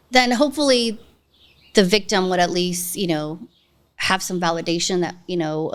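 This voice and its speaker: A woman police detective answering interview questions in an earnest, measured, reflective way. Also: lowish voice.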